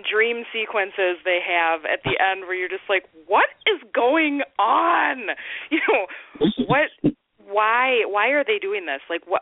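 A woman's voice: mid-range voice, no room sound. A woman chatting casually as a podcast guest, laughing often. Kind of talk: casual chat. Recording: tinny phone-line audio.

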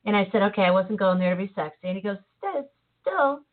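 A woman hosting a podcast in casual chat, telling a story in a lively way and acting out the voices of the people in it. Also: mid-range voice, fast talker. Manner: animated storyteller, acts out quoted voices. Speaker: podcast host. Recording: tinny phone-like line.

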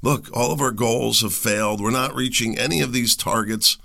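Gravelly, sarcastic man hosting a show. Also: medium pitch, steady tone, moderate pace, bright, forceful tone. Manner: rambling, sarcastic, opinionated. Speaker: host. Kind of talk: talk show monologue.

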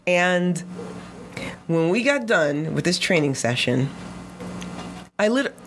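A woman with a notably low-pitched voice speaks as an interview guest. She tells personal stories in a lively way, often breaking into laughter. She drives her points home by repeating phrases. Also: a little slow. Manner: animated, laughs often while telling stories. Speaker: guest photographer and filmmaker. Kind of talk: conversational storytelling.

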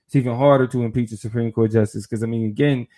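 Mellow-voiced man explaining on a podcast. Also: medium pitch, fairly even intonation, fast. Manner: thoughtful, restarts phrases while explaining. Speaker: podcast co-host. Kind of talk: casual podcast discussion.

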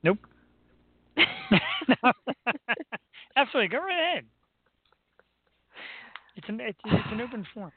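A joking, teasing male co-host with a lively, bouncing voice. He sounds thin and phone-like, with a very dry sound. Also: extremely high pitch, a little slow, long pauses, slightly rough, dry recording. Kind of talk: casual chat. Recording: tinny phone-like line, dry.

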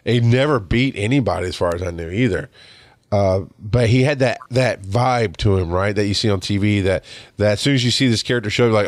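A man in his forties hosting a podcast, telling stories in a rambling, animated way with lots of restarts. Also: lowish voice, brisk, no echo. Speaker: podcast host. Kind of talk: casual storytelling monologue.

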